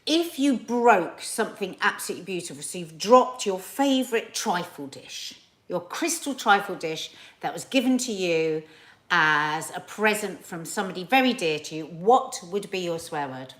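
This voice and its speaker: A woman's voice: lowish voice, lively intonation, moderate pace, a bit bright. Chatty woman reading viewer comments. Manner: playful, reads out comments with exaggerated delivery. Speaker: live-stream host reading viewer comments. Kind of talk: casual chat.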